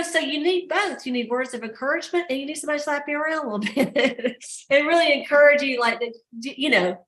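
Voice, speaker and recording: A woman's voice: fairly high pitch, fairly bright tone. A woman hosting a sales team call, telling stories in a chatty way and laughing often. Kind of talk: casual pep talk.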